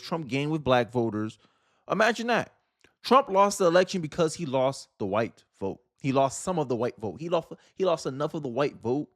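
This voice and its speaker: A man's voice: fairly high pitch, no room sound, studio quality. A man from Florida hosting casual political commentary, talking emphatically with slang and frequent restarts.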